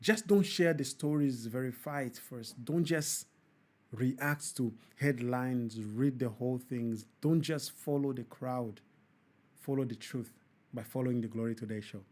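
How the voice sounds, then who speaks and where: A man's voice: medium pitch, unhurried, darkish tone. Earnest male talk-show host. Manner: earnest, preachy, then joking with studio crew. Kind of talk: show wrap-up with Christian closing words. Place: studio.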